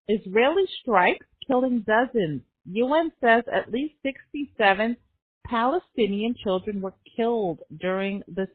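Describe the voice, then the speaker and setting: Woman podcast host, higher voice, sarcastic comic news recap, dry close sound. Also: dry recording. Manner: sarcastic, laughs between jokes. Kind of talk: comedic news roundup. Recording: tinny phone-like sound.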